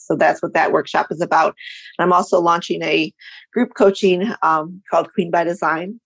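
A woman's voice: low-pitched, creaky, slightly rough, no echo, poor audio. A woman life coach talking frankly and bluntly as a guest in a casual chat.

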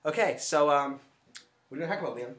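A man's voice: on the high side, lively intonation, fast, a bit bright. A man co-hosting a casual podcast from a home basement, joking and laughing often. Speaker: podcast co-host. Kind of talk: casual chat.

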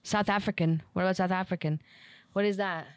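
A woman's voice: lowish voice, fairly even intonation, brisk, no echo. A woman co-hosting a podcast in casual chat, playful and teasing. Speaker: podcast co-host.

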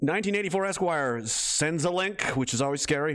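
Casting: a man as a loose, profane streamer with a lively, bouncy delivery, slightly high voice. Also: brisk, hardly any pauses. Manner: rambling, profane, laughing, reads chat aloud. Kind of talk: casual live-stream chat.

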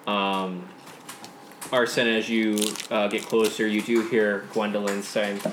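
A man's voice: lowish voice, level tone, measured pace. A man narrating a tabletop game as game master, hesitant and full of fillers. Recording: roomy, background noise.

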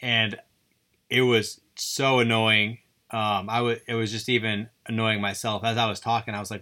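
A man's voice: on the low side, little pitch movement, moderate pace, bright, forceful tone. A man hosting his own podcast, rambling through a goofy, self-deprecating solo monologue. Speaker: podcast host.

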